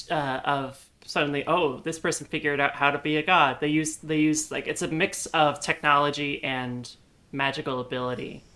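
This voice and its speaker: A woman's voice: rumbling low, a bit bright. A woman playing a tabletop story game with friends, chatting casually, often laughing and thinking aloud with fillers. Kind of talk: casual game-night chat.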